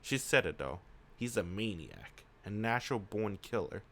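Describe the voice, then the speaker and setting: A man reading a visual novel aloud and reacting with excitable, sweary commentary, breaking into shouts. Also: on the low side, normal speed, slight background noise. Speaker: video game reader. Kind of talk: casual let's-play commentary.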